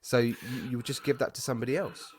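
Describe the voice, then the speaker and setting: A man's voice: mid-range voice, flat delivery, fairly quick, slightly rough. A man from the UK hosting a podcast, earnest and reflective, speaking in long flowing sentences. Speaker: podcast host. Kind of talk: casual interview chat.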